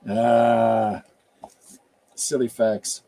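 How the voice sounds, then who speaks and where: Chatty man with a mellow, husky voice. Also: mid-range voice, level tone, very slow. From Canada. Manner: rambling, chatty, reads viewer comments aloud. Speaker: comic artist hosting a live stream. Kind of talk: casual live-stream chat.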